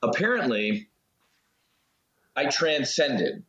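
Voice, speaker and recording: A man's voice: mid-range voice, big pitch swings, a bit bright. Earnest man telling a story in a roomy room. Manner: earnest, halting storytelling with restarts. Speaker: interview guest, former Navy fighter pilot. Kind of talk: casual interview storytelling. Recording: roomy, slightly dull audio.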